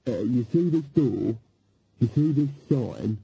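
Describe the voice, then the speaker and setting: A man's voice: mid-range voice, animated, takes it slowly, creaky, warm tone, dull audio, a little hiss or hum. A man voicing a nervous young male hotel clerk who hesitates and stammers, read as an audiobook character.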